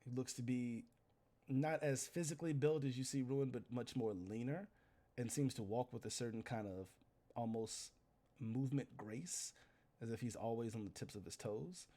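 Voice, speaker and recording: A man's voice: mid-range voice, normal speed, mellow. A man running a tabletop role-playing game as game master, narrating scenes in a loose, conversational way.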